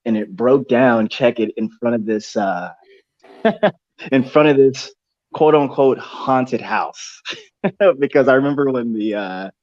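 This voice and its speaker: A man's voice: mid-range voice, takes it slowly, a little mellow, no echo. A young man telling a long story in casual chat, rambling and slangy with lots of fillers and restarts. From Texas. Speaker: podcast co-host. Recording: dull dry studio sound.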